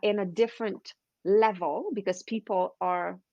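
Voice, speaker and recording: A middle-aged woman, a confidence coach, talking in an animated way as a podcast guest and acting out little scenes as she explains. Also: mid-range voice, unhurried, no room sound. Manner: lively, expressive, acts out little scenes. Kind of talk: animated interview talk. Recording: dull, dry lo-fi sound.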